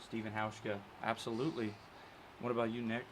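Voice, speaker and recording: A young man co-hosting mock sports commentary, making dry, quiet asides. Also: fairly low pitch, little pitch movement, fairly quick, background noise. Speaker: co-host.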